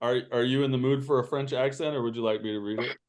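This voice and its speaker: Game master man, halting delivery. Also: medium pitch, steady tone, darkish tone. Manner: hesitant, many fillers, puts on voices for letters. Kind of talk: narrating an online tabletop game.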